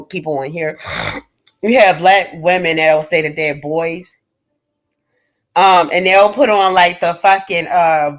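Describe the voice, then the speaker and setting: A woman, hosting a livestream and ranting bluntly and profanely to her chat, swinging between loud and low. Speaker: livestream host. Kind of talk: casual livestream rant.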